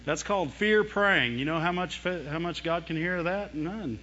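A man preaching a sermon in a voice that sits a bit high for a man. He is animated and expressive, acting out whiny and fearful voices and breaking into laughs. The sound is dull and lo-fi. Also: normal speed, big-room sound, slight background noise.

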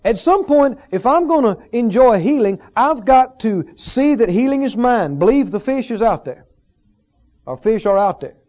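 A man's voice: very high voice, animated, normal speed, a little mellow, muffled recording. A man preaching a sermon to his congregation, teaching earnestly with repeated phrases and rhetorical questions. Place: church service with a congregation.

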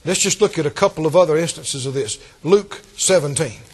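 A man preaching a sermon, laughing often and acting out the scripture scenes in lively voices. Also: fairly high pitch, brisk, husky.

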